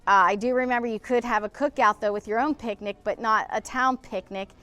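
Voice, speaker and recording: A woman's voice: on the high side, fairly even intonation, a little fast, pushed and bright, clean tone, faint music behind. A middle-aged woman, hosting a casual vlog outdoors beside an old pool and talking indignantly to camera. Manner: indignant, emotional, ranting. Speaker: vlog host.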